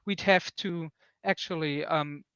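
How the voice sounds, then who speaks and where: A man's voice: fairly high pitch, steady tone, measured pace, a bit bright, clear, resonant tone, no room sound, dull audio. A man on a technical call, explaining package builds with many fillers and restarts. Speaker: developer on a conference call. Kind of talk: technical discussion.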